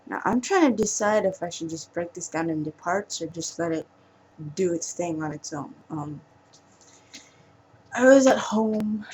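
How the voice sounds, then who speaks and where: A woman speaking in a personal vlog monologue, halting and emotional, trailing off with pauses. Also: fairly low pitch, gravelly, slight background noise, poor audio. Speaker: vlogger.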